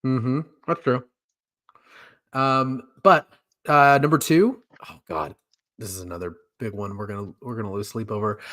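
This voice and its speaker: Lively-voiced man hosting a movie chat. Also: medium pitch. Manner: laughs a lot, hesitant with many ums. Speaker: podcast co-host. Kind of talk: casual movie ranking chat.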